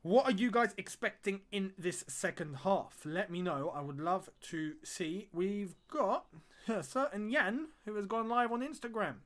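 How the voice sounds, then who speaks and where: A young man with a strikingly high voice runs a live-stream watchalong, chatting comfortably with viewers, thanking them and reading their comments aloud. He often repeats a phrase for emphasis, and his delivery is animated and unhurried with a fairly bright tone. He hosts a fan channel.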